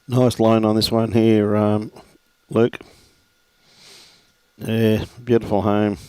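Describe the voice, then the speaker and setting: Easygoing Australian bloke calling a bowls game, friendly shout-outs, dry close mic. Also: male voice, on the low side, flat delivery, takes it slowly, clean tone, no room sound. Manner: laid-back, chatty, greets viewers by name. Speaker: lawn bowls commentator. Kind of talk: live sports commentary with viewer shout-outs.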